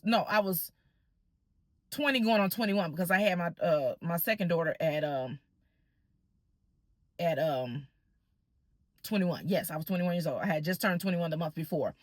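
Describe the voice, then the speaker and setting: A woman telling a personal story to her viewers in a casual, animated way, acting out the people she quotes. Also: medium pitch, no room sound. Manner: animated, addresses viewers as y'all, acts out quoted voices. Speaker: vlogger.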